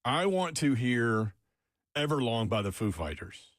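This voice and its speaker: A man hosting sports talk radio, excitable and quick to get worked up, laughing often. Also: mid-range voice, no room sound, clean studio sound. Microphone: studio microphone.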